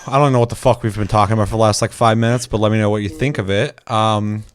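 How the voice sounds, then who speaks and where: A man's voice: on the low side, fairly even intonation, quick pace. A man hosting a casual gaming podcast, swearing often and slipping into silly mocking voices. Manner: profane, jokey, slips into silly mocking voices. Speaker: podcast host.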